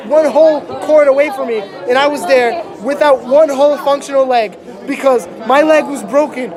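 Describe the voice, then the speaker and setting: A young man telling an exaggerated comic story to an audience, rambling into mock-dramatic asides. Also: very high-pitched. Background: crowd, laughter.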